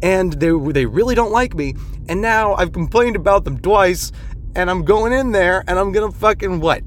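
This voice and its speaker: A man's voice: sits high, moderate pace, slight background noise. A man in his late twenties telling a rambling, profane, self-deprecating comic story in a casual monologue. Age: 20s.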